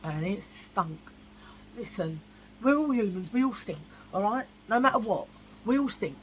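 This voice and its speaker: A woman's voice: mid-range voice, lively intonation, normal speed, slight background noise, rough recording. A woman vlogging in a blunt, chatty way, repeating herself for emphasis. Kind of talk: casual chat.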